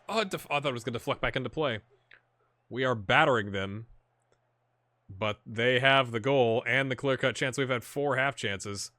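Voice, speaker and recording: A man hosting a gaming video, chatting and reacting excitedly as he plays a football management game. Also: medium pitch, no echo. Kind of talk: live commentary while playing a football management game.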